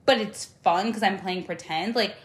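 Animated swearing young woman, echoey room. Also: medium pitch, normal speed. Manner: animated, swears freely, acts out playful voices. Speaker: podcast co-host. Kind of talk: casual chat.

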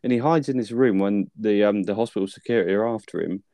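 Male co-host, young adult, mellow tone, profane animated film chat. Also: lowish voice, quick pace, no echo, studio quality. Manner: sweary, animated retelling with laughs. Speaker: podcast co-host.

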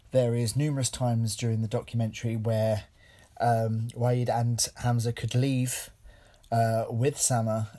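A man hosts a solo film podcast, his voice sitting in a flat, narrow band. He talks earnestly but haltingly, with fillers and restarts, sounding shaken and emotional throughout. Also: mid-range voice. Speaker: podcast host.

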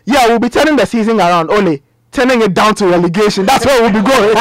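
A man, a mocking football pundit retelling a match in lively banter. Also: high voice, no room sound. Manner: mocking, storytelling.

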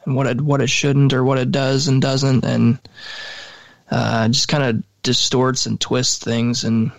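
A man's voice: medium pitch, monotone, a little slow, gravelly, no room sound. A man co-hosting a podcast, talking casually and hesitantly with many fillers. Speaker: podcast co-host. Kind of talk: casual chat.

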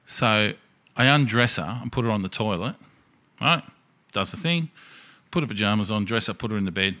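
A man's voice: fairly low pitch, brisk. A man telling a crude story in casual chat, swearing freely and acting out the other voices in it. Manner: profane, animated storyteller.

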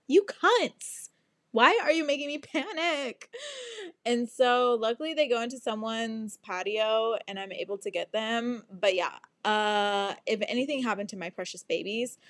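A young woman hosting a podcast, telling a story in a casual, animated and dramatic way, swearing freely and acting out other people's lines. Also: mid-range voice, no room sound. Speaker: podcast host.

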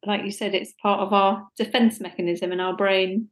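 A woman co-host speaking with a Norfolk accent, at a middle pitch for a woman. She chats casually and easily, dropping in lively quoted remarks as she tells stories. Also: moderate pace. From England. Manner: chatty, self-deprecating, with lively quoted asides. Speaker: podcast co-host. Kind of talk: casual chat.

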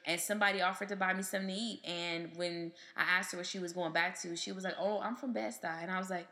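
Woman co-host, bright voice, playful slangy talk. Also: fairly low pitch, fast. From not from New York. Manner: lively, laughing, slangy, playful. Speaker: podcast co-host. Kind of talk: casual chat.

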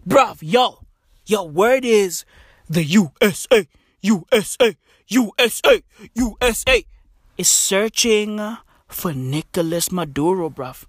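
A speaker delivering a profane, mocking comic rant, swinging between loud and soft. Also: mid-range voice, expressive, takes it slowly, no room sound, clean studio sound. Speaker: comedian.

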